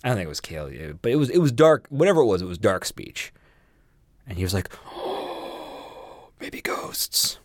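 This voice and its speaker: A man's voice: fairly low pitch, very animated, fast talker, darkish tone, dry recording, clean studio sound. A man co-hosting a podcast in casual chat, animatedly retelling stories and acting out scenes in silly voices. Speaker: podcast co-host.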